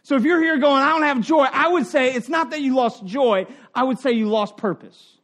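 A middle-aged man preaching a sermon in an earnest, conversational way, dropping to quiet asides and rising for emphasis. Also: very high voice, normal speed. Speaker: pastor.

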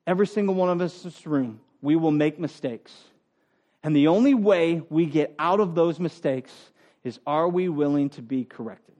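A man preaching a sermon who speaks as a parent and coach, repeating phrases for emphasis and swinging between loud emphatic stretches and soft low asides. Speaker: pastor.

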